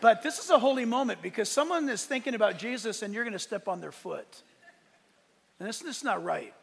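A man's voice: high voice, animated, fairly quick, vocal fry, slightly rough. A man preaching a sermon as pastor, impassioned, swelling and dropping in force. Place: church sanctuary. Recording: long reverb of a large hall.

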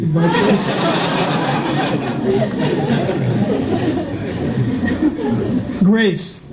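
A middle-aged man, preaching a sermon full of personal stories, acting out voices as he goes. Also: high-pitched. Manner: animated storyteller, acts out voices and laughs. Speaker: pastor. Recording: slightly dull, faint background noise.

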